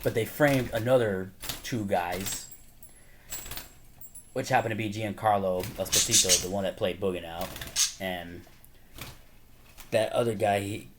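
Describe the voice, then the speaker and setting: A man casually chatting to camera about his movie collection, excitedly rambling through favorite scenes. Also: fairly low pitch, normal speed, long pauses. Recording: noisy home recording with birds chirping behind.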